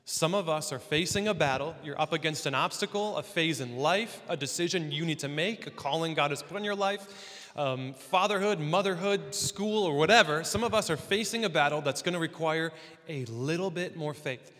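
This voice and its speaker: A man preaching a sermon as pastor, conversational and animated with joking asides. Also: fairly high pitch, normal speed, long reverb tail.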